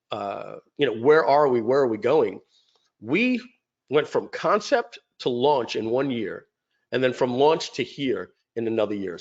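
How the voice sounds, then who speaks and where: Man, company founder, casual webinar talk, rambling with restarts, muffled lo-fi audio. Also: medium pitch. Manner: rambling, many fillers and restarts. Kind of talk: casual business presentation. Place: home.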